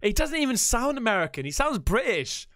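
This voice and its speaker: A man's voice: very high-pitched, big pitch swings, a little fast, over music. A man hosting a movie reaction, swearing freely and laughing as he calls everyone mate. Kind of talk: casual reaction commentary.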